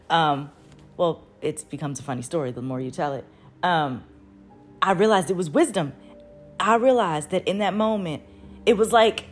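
An adult woman vlogger tells a personal story in a casual, animated way, swearing freely and laughing often. Her voice sits low.

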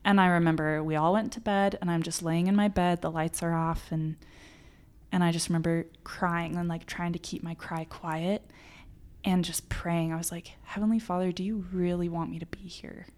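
A woman's voice: on the low side, little pitch movement, normal speed, darkish tone, clean tone. A young woman in her twenties, a podcast guest telling a personal story in an earnest, emotional way. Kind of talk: casual podcast conversation.

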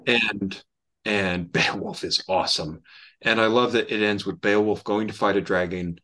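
A man with a lowish, steady voice that sounds pushed and bright co-hosts a podcast from home over an online call. He chats eagerly but haltingly, often restarting his sentences.

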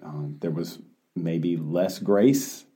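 A male podcast host with a low voice and a very dark, mellow tone. He asks thoughtful, reflective questions and answers his guest with brief agreements. He speaks steadily through the conversation. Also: extremely slow. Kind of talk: podcast interview.

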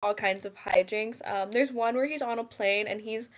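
A woman's voice: mid-range voice, normal speed. A young woman co-hosting a podcast in casual chat, rambling with many fillers and giggles. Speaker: podcast co-host.

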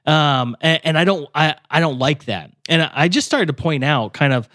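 Slightly high and expressive, this podcast co-host and author talks at normal speed, sounding pushed and bright in a dry, clean studio recording. He earnestly tells personal prayer stories in a casual faith chat, voicing his prayers as quotes.

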